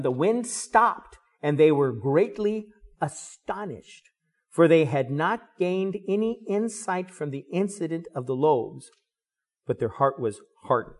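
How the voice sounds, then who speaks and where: A man preaching a Bible sermon in a conversational, animated way, with many fillers. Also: fairly high pitch. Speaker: pastor.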